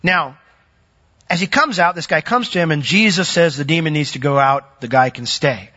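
A man preaching a sermon, animated, with sudden loud swells and soft drops as he retells the story. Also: on the high side, moderate pace, muffled recording.

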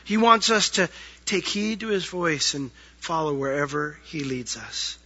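Male pastor, high bright husky voice, conversational sermon delivery, muffled lo-fi recording. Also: measured pace. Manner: conversational preaching with acted asides.

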